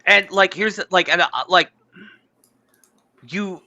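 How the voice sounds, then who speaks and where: A man with a very bright, sharp-edged voice talks through a casual political podcast. He is blunt and quick to get worked up, with his pitch climbing as he argues. Between rants he reads news items aloud and stumbles over them. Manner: blunt, excitable, rising pitch when worked up. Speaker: podcast co-host.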